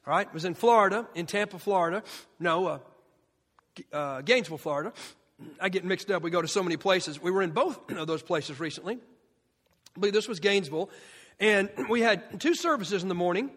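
A man preaches with fervor, pitched high, leaning on rhetorical questions and repeated lines. His voice carries through a large church, trailing a long echo off the walls. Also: fairly quick, fairly bright tone. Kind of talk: sermon. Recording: long hall reverb.

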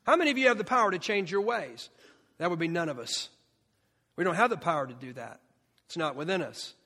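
A man preaches with fervor, pitched high, leaning on rhetorical questions and repeated lines. His voice carries through a large church, trailing a long echo off the walls. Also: expressive, a little fast, sharp tone. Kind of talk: sermon. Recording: long hall reverb.

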